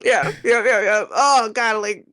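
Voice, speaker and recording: In a music reaction video, this co-host gushes and chats with animation, swearing freely, her voice stuffy and nasal from a cold that has her feeling a little sick. She speaks in a fairly high pitch and takes her time.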